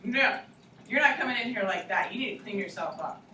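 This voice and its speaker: A man's voice: high voice, lively intonation, a little fast, sharp tone, slight background noise, full character voice. Woman doing a firm restaurant man at the door. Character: stern male restaurant worker refusing entry. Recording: echoey room, mic far away.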